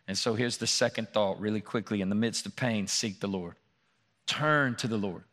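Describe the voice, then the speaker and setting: A man's voice: on the low side, moderate pace. Earnest male preacher, rising with scripture. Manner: earnest preaching, rising and louder when reading scripture, hushed in personal stories. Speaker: pastor. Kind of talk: sermon. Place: church room.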